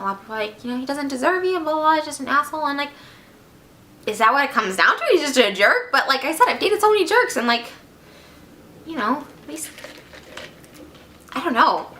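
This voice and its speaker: A woman's voice: on the high side, bright, forceful tone, a little hiss or hum. A woman in her twenties, heartbroken and close to tears, rambling through a confessional vlog with lots of fillers. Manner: tearful, rambling, filler-heavy. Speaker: vlogger.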